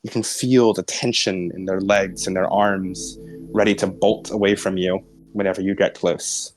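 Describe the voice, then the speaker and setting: Low-voiced male game master narrating. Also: fairly even intonation, soft background music. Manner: descriptive, halting, many restarts and fillers.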